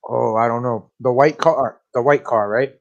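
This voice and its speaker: A man co-hosting a casual movie podcast, speaking at an ordinary mid pitch. He is blunt and profane, and he often breaks into laughter while trading opinions. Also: fairly even intonation, moderate pace, gravelly, lo-fi sound. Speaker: podcast co-host. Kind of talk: casual movie-review chat.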